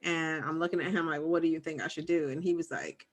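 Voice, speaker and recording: A woman in her thirties co-hosting a podcast, telling a personal story in a casual, animated way and acting out what people said. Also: deep voice, fast, few pauses. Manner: animated storyteller, acts out quotes. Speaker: podcast co-host.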